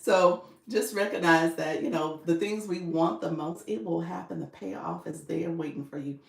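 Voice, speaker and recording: A woman's voice: fairly low pitch, normal speed, vocal fry. A woman coaching viewers on a live stream, chatting casually, laughing often and reading their comments aloud. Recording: echoey room.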